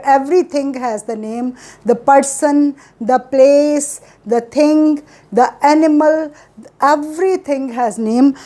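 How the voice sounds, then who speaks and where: A woman gives a spoken lesson. Her voice sits high, and she talks at an unhurried, deliberate pace. She drills one simple question after another, repeating each pattern so learners can follow. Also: warm tone. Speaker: English teacher.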